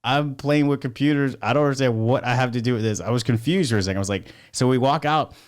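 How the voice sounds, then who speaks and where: A man's voice: medium pitch, fast talker. A man telling rambling stories as a podcast guest, swearing constantly in casual talk. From United States. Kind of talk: casual storytelling.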